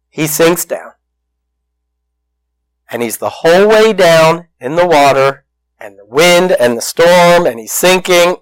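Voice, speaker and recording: A man's voice: on the high side, no room sound, low-quality recording. A man preaching a sermon, telling a story with acted-out voices and questions to the congregation. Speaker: pastor.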